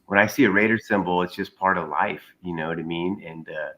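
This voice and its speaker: A man with a lowish voice talks through a remote call in a loose, rambling way. He fills his stories with "you know" and "like" as he goes. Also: brisk, a bit bright, poor audio. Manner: rambling, filler-heavy storytelling. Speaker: guest caller. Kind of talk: casual chat.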